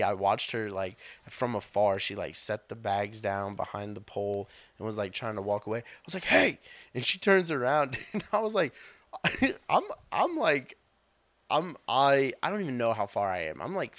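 A young man, a police officer and podcast co-host, telling stories in casual chat, animated and swearing, often laughing. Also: fairly low pitch, normal speed, no room sound.

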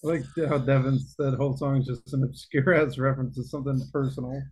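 A man's voice: mid-range voice, little pitch movement, quick pace, a little mellow, slightly rough. A young man co-hosting a podcast, trading wry, teasing banter in casual chat. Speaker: podcast co-host.

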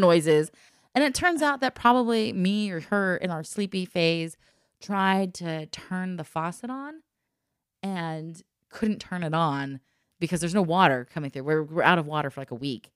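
A woman with a low voice tells a personal story in relaxed, casual talk. She sounds lively and laughs often, slipping into the voices of the people she quotes. The sound is close and dry, with no room around it. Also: normal speed, smooth, no room sound. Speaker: guest telling a personal story.

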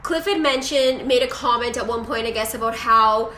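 A woman's voice: a little high, moderate pace, sharp tone. A young woman casually recapping a show and acting out quotes in dramatic voices. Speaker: podcast co-host. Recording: echoey room with faint noise.

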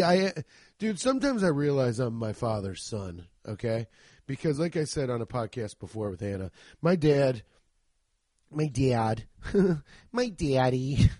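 Young guy from ohio riffing on his podcast, kinda high voice, super dry close mic, swears a lot. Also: a little mellow, no room sound. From Cincinnati area, Ohio. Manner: rambling, profane, jokey. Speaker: podcast host. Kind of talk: casual comedic podcast monologue.

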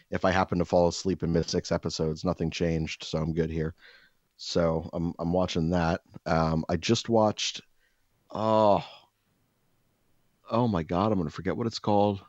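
A man co-hosting a podcast, telling stories in a casual, profane, exaggerated ranting way with loud bursts. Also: low-pitched, steady tone, normal speed, no echo, lo-fi sound. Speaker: podcast co-host. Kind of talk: casual storytelling chat.

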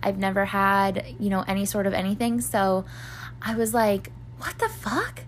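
A woman's voice: medium pitch, level tone, moderate pace, a little hiss or hum. A young woman hosting a podcast, telling a personal story in a rambling, casual way, full of fillers and swearing. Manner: rambling, filler-heavy, swears freely, acts out voices of others. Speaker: podcast host.

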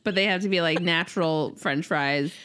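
A woman in her thirties chatting casually as a podcast co-host, telling stories with animated delivery and a lot of swearing. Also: on the low side, normal speed. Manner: animated storytelling, frequent swearing. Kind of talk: casual chat.

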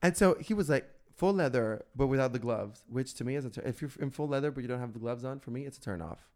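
Irish guy cohosting a podcast, chatty and animated, acts out the convo bits. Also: mid-range voice, fast. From Ireland. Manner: animated gossipy storytelling, acting out dialogue. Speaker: podcast co-host. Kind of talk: casual chat.

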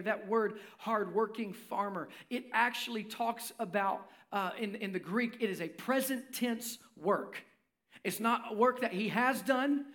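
A male pastor preaching a sermon, impassioned, dropping his voice low for emphasis. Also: fairly bright tone. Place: church.

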